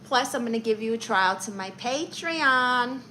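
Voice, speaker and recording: Brief: bright-voiced, sassy New woman, comic live-stream auntie teasing her chat, faint room hiss. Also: on the high side, lively intonation, measured pace, low-quality recording. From Brooklyn, New York. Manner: sassy, teasing, calls viewers honey and darling. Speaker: livestream host playing an aunt character.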